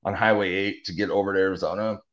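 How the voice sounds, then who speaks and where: A man's voice: low-pitched, steady tone, fast. A young man telling his story in a casual, rambling way, full of fillers and restarts. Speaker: interview guest. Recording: dull lo-fi audio.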